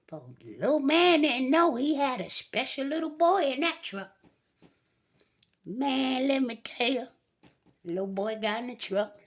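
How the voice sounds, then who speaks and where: A woman's voice: on the high side, husky. A woman telling a comic story in a drawling, folksy way. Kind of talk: comedic storytelling.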